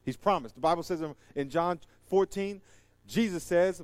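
A man preaching a sermon, animated and joking, swinging from loud emphatic lines to quiet asides. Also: sits high, normal speed, no room sound. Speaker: pastor.

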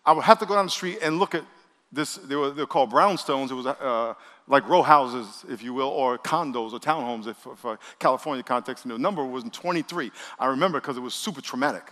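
Emphatic preaching man in reverberant hall. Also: brisk. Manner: emphatic preaching with call-and-response to the congregation; wide swings between loud bursts and low asides. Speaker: pastor. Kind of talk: sermon. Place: church sanctuary.

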